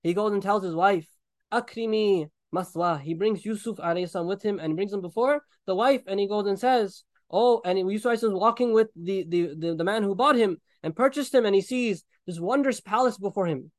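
A man preaching a sermon, retelling a story with animated acted-out voices and frequent laughs. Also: high voice, fast talker, dry recording.

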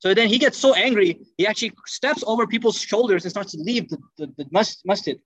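A man giving an animated sermon, telling stories and acting out the people in them. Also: high-pitched, brisk, slightly rough, dry recording, poor audio. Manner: animated, acts out quotes in dropped voices. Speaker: Islamic lecturer. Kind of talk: lively sermon storytelling.

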